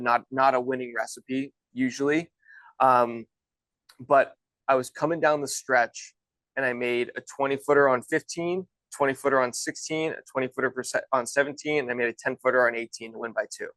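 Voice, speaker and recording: A man's voice: mid-range voice, pushed and bright, dry recording, rough recording. A man in his thirties, a golf instructor and former pro, telling stories in a loose, chatty way with many restarts. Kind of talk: casual storytelling.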